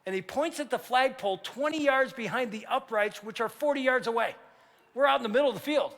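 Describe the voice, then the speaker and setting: An older man preaches in a church, telling a story with lively energy and sometimes shouting at its peak. His voice sits high and bright, and it rings out with the long reverb of a large hall. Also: fairly quick. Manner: animated, acts out dialogue, rising to shouts at climaxes. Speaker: pastor. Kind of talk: sermon with storytelling. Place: church sanctuary.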